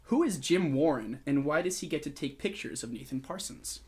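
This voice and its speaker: A man's voice: a little high, animated, normal speed, a little mellow, slightly rough. A man hosting a podcast, asking questions in a playful, joking way. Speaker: podcast host. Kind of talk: casual interview.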